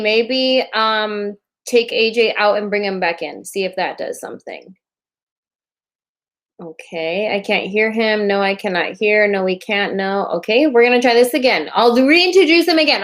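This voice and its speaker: A fairly high, slightly bright female voice leads a casual livestream chat show set in a borrowed bedroom. Playful and talkative, she makes light of the technical hiccups coming through her laptop mic.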